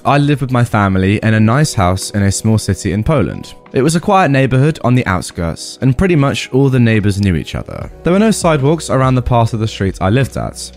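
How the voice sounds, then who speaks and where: A man reading a story aloud and reacting with animated, chatty asides. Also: mid-range voice. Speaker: story narrator. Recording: faint background music.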